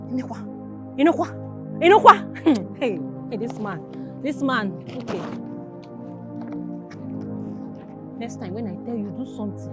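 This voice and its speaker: An actress with a Nigerian accent playing a wicked, scheming aunt who scolds and mocks, slipping into Igbo. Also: female voice, on the high side. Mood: gloating. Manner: scolding, mocking, switching into Igbo. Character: wicked scheming aunt, middle-aged woman.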